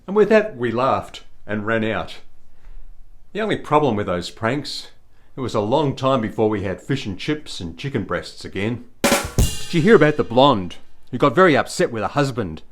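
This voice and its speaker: A man in his sixties with an Australian accent, telling dad jokes and chuckling at them. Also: mid-range voice. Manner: chuckles at own jokes, animated delivery. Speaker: joke teller. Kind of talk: recorded dad-joke telling.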